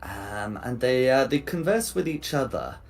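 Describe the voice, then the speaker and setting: A man narrating a tabletop game as game master, pausing often and restarting his sentences. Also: mid-range voice, big pitch swings, soft background music. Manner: halting, full of fillers and restarts.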